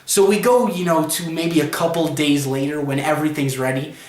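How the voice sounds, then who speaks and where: A fairly high-voiced man talks through a comic book review in a loose, rambling way. He keeps leaning on "you know" and "he's like" as he retells the story. His voice rings around a bare, echoey room. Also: steady tone, a little fast. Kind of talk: casual spoken review.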